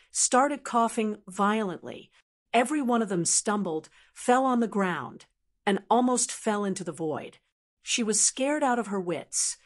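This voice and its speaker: A woman narrating a fantasy audiobook in an even, steady reading voice. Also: medium pitch.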